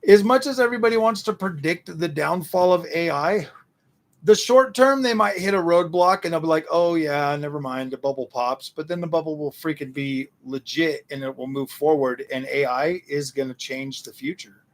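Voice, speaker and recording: A man's voice: a little high, moderate pace. A man hosting a casual livestream, answering chat in a slangy, ranting way, often repeating himself and restarting his sentences.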